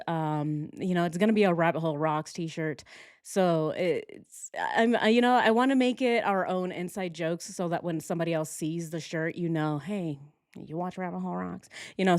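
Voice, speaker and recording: A woman's voice: lowish voice, a little mellow, dry recording. Chatty woman reacting to a video, dry sound. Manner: chatty, laughs often, reads out viewer comments. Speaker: host. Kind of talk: casual reaction stream chat.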